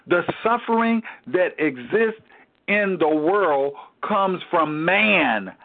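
A man teaching a Bible study in a preaching cadence, asking rhetorical questions and repeating key phrases for emphasis. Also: high-pitched. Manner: rhetorical questions, repeats "why?" and "guess what?". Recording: tinny phone-like recording.

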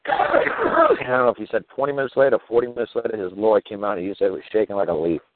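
Hosting a show, a man with a fairly low voice talks briskly, his pitch swinging widely while he rambles through profane, laid-back stories full of "you know" and "man." No room sound is audible, but the line has a tinny, phone-like quality.

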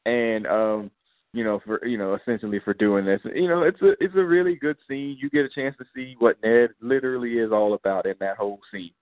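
A man's voice: lowish voice, lively intonation, fairly quick, no room sound. A man co-hosting a podcast, casually recapping episodes and acting out characters' lines in slang. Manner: laid-back, acts out characters' lines in slang. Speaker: podcast co-host. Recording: tinny phone-like line.

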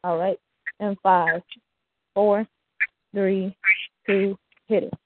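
A woman's voice: mid-range voice, fairly even intonation, drawn-out words, slight background noise. A woman hosting a rap battle, hyping the contestants and counting them in. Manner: hyped, emphatic hype-host calls. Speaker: host. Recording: dry tinny phone line.

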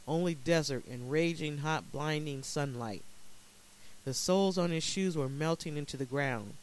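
Higher-voiced man narrating a dark story. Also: rough recording. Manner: dramatic, measured storytelling.

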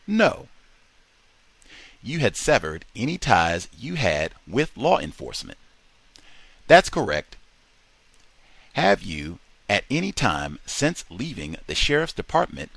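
A man's voice: lowish voice, creaky, fairly bright tone, no echo. A man reading a book aloud to a study group, expressively voicing its quoted dialogue. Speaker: reader in a book study session.

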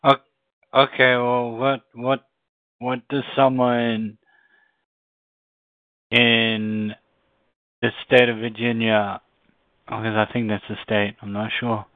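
Slow, halting man on a phone line. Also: mid-range voice, flat delivery, dry recording. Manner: hesitant, halting, repeats words while searching. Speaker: caller. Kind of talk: casual chat. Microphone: phone or call line. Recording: tinny phone line, dry.

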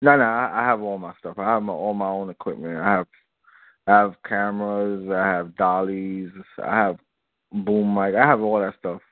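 A man's voice: on the low side, steady tone, normal speed, dry recording. A man, a guest filmmaker, chatting casually in a radio interview, loose and repetitive, laughing often. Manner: loose and talkative, repeats himself, laughs often. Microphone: phone. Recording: dry, tinny phone line.

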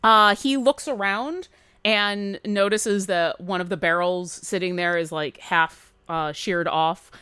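A woman's voice: fairly low pitch, fairly even intonation, slow, sharp tone, clear, resonant tone, no echo. Woman game master, casual narration, dry close mic. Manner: easygoing, with many fillers.

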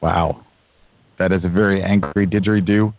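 A man's voice: deep voice, fairly even intonation, normal speed, a little mellow. An Australian man hosting a podcast in casual, joking chat. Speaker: podcast host. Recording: dry, slightly dull sound.

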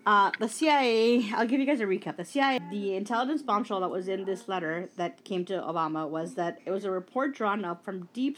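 A woman co-hosting a casual political podcast, recapping news stories with blunt, profane asides. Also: mid-range voice. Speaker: podcast co-host. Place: Brooklyn.

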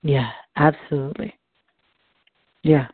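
A woman's voice: low voice, fairly even intonation, slow, slightly rough, no room sound. A woman coach guiding a client through a tapping session, encouraging and giving phrases for him to repeat. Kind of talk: guided tapping session over a call. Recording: tinny dry call line.

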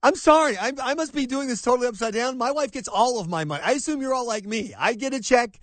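Excitable high-voiced male radio host. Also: fast, no echo. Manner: excitable, exasperated, stammering restarts. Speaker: radio talk show host. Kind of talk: talk radio monologue.

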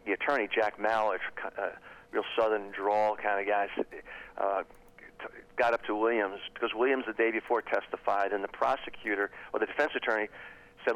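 Halting low-voiced former FBI profiler, a man. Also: little pitch movement, a bit bright, dull audio. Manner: halting, repeats words often. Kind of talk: casual interview talk.

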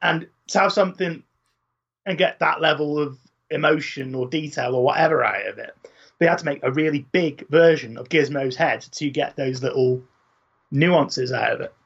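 A man's voice: a little high, moderate pace, creaky, slightly rough, highs cut off. A man co-hosting a casual film podcast, chatty and full of trivia, often tagging his points with questions. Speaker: podcast co-host.

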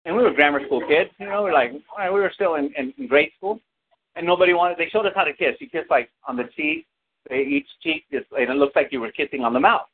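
A man's voice: fairly high pitch, animated, fast. A man preaching a sermon, calling out to the congregation for responses and telling a story from his childhood. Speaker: pastor. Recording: tinny lo-fi with hiss.

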